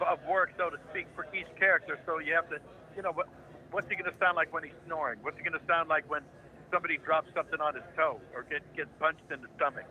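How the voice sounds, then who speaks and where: A man's voice: on the high side, phone-quality sound. A man in his seventies from Ohio, a voice actor telling jokey anecdotes as a guest in a casual interview. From Ohio, United States. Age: 70s. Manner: jokey, anecdotal, animated raconteur.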